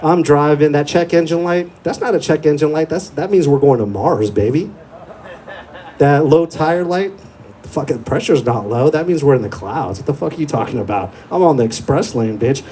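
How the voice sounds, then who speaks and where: A man's voice: on the high side, expressive, normal speed, mellow, slight background noise. A young man doing a crude, profane stand-up set in a small comedy club, telling stories in a laid-back way into a handheld mic.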